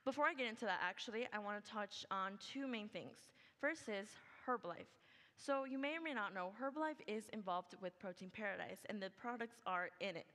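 A woman's voice: medium pitch, brisk, pushed and bright. Upbeat young woman presenting in a hall. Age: young adult. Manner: upbeat, chatty, fillers like "like" and "okay". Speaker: student presenter. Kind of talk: senior project presentation. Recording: long hall reverb.

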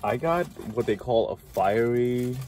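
A man's voice: mid-range voice, lively intonation, unhurried, darkish tone, a little hiss or hum. A man co-hosting a food channel, chatting casually and mumbling while he eats in a parked car. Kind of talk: casual mukbang chat while eating.

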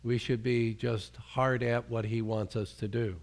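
A man's voice: medium pitch, flat delivery, measured pace, creaky. A male pastor preaching a sermon in a conversational way, often restarting his sentences and acting out the voices he quotes.

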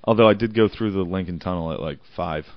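A man's voice: deep voice, fast talker, dry recording. A young man with a western Pennsylvania accent, a stand-up comic co-hosting a podcast, laid-back and self-mocking. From northern Pennsylvania. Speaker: podcast co-host, stand-up comedian. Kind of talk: crude casual banter. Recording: dull lo-fi sound, dry.

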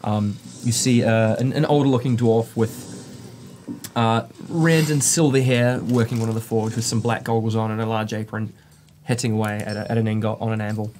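A man's voice: fairly low pitch, steady tone, normal speed, darkish tone. A man narrating as game master, rambling with frequent restarts.

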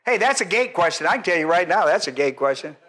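A male pastor delivers an expository sermon at a fast clip, lively and firing questions at his congregation. Now and then he sinks into a soft, low voice to drive a point home.

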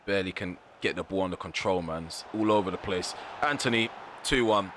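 A man's voice: low-pitched, a little fast, background noise. A man commentating live over his football video game, ranting in frustration and repeating himself in slangy phrases. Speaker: gaming YouTuber.

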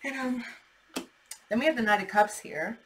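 A woman's voice: on the high side, moderate pace, noisy background. Chatty woman reading tarot cards. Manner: chatty, animated, swearing, acting out imagined replies. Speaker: tarot reader.

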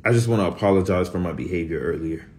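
A young man with a deep, low voice, talking loudly in a casual vlog. He swears freely and swings between loud bursts and quiet whispers. A faint noise sits behind him. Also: quick pace. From Florida. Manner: energetic, loud and profane, jumping into whispers. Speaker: vlogger.

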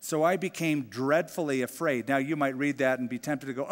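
A middle-aged male pastor teaching a sermon, telling the story lively and acting out the quoted voices. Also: medium pitch, a little fast, in a large hall. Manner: animated storyteller, acts out quoted dialogue. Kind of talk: expository Bible teaching sermon.

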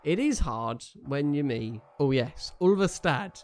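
Over soft background music, a young gaming YouTuber casually commentates live on his football video game, joking, groaning and cheering at every play. His voice is on the high side and a little mellow, with lively intonation at a measured pace.

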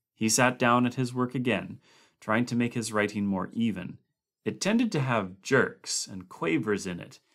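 Man reading a horror story aloud. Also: fairly low pitch. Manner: expressive, voices characters, plain narration between. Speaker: audiobook reader. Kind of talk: dramatic audiobook reading.

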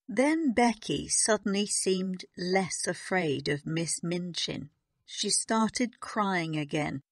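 A woman narrating a graded reader story slowly and carefully on a close mic. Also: lowish voice, animated, no echo. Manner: slow, careful reading. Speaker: audiobook narrator.

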